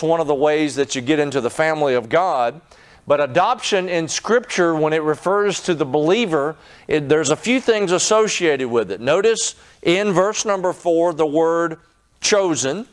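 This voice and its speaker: A middle-aged man, a pastor, preaching a sermon in an earnest way, rising in pitch when he presses a point.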